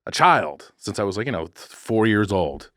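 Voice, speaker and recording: Male podcast co-host, deep voice, dry close sound, rambling jokey storyteller. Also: very animated, normal speed, a bit bright, no echo. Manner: rambling, self-correcting, jokey. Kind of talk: casual storytelling. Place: podcast studio.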